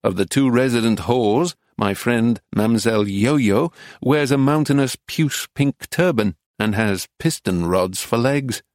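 Male English narrator, mid-pitched, measured literary read, dry booth sound. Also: darkish tone, dry recording. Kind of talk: audiobook reading of a travel memoir.

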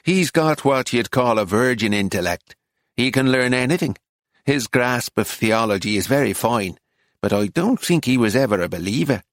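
A man's voice: mid-range voice, animated, no echo, studio quality, lightly acted. A man voicing a stern old Irish monk. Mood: measured. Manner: measured, sighing, exasperated. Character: elderly Irish monk priest, stern, devout.

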